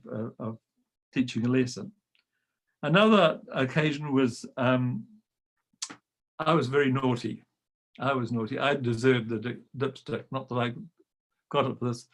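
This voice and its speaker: An older man, a retired choir director, telling lively anecdotes over a video call and acting out the voices he quotes. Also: medium pitch. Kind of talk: storytelling talk.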